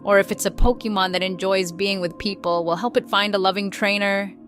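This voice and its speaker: Woman narrator doing a patient storybook mom, soft and reassuring, mid-pitched. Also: steady tone, a little fast, music in the background, natural voice. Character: gentle, calm mother who heals creatures. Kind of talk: bedtime story reading.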